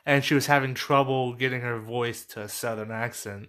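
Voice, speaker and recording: A man's voice: mid-range voice, steady tone, normal speed, fairly bright tone. A man co-hosting a podcast, giving short, blunt opinions in a casual film chat. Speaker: podcast co-host.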